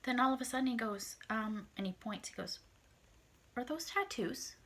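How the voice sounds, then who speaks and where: A woman's voice: on the high side, a little fast, fairly bright tone, a little hiss or hum. A woman, telling a dating story to camera in a blunt, profane, casual way. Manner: blunt, heavily profane, acts out her own reactions. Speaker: vlogger.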